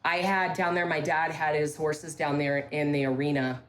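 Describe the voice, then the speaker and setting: Low-voiced woman telling ghost stories. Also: flat delivery, slight background noise. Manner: emphatic, repeats key phrases, halting restarts. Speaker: ranch staff member interviewed about ghost stories. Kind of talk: casual spoken storytelling.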